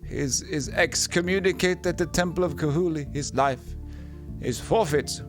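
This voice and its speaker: Man voicing a grave older temple priest for a game stream, raised pitch, formal and demanding. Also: moderate pace, soft background music, lightly acted. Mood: stern, solemn. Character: solemn older male temple lector, stern and demanding.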